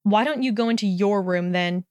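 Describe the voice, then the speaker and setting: A contemptuous young man who snarls and sneers at everyone, as a woman reads him aloud. The voice stays smooth and close, with no room sound around it. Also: mid-range voice, fairly even intonation, normal speed, dry recording, natural voice. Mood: snarling. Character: sneering hostile young man, snide bully.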